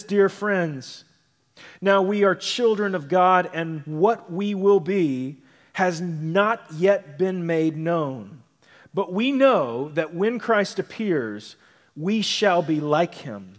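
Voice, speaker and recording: A male pastor delivers a sermon in a relaxed, conversational way, often tossing "right?" back to the congregation. His voice sits a little high for a man. The sanctuary adds a long, ringing reverb to everything he says. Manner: conversational preaching, frequent tag questions. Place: church sanctuary.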